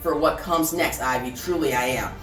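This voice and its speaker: A woman's voice: sits low, normal speed, pitched below the performer's own voice, close to an everyday voice. A woman voicing a stern, sorrowful warrior queen in a plain, subdued reading, recorded far from the mic in a roomy space. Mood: solemn. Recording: roomy, distant mic, faint music.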